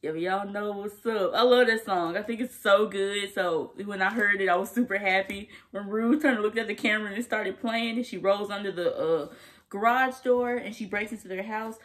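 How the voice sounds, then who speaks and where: A woman's voice: mid-range voice, moderate pace. Chatty young woman recapping a show. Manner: animated, emphatic, slangy and laughing. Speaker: TV episode reviewer. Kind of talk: casual recap chat to camera.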